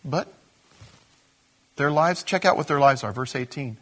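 A man preaching a sermon, telling a story that jumps between hushed asides and loud, emphatic high points. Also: lively intonation, unhurried, slightly rough. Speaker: pastor.

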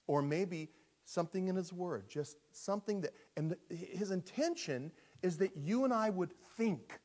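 A male pastor preaching a sermon in an animated storytelling manner, dropping to a hush and rising to shouts. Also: sits high, normal speed.

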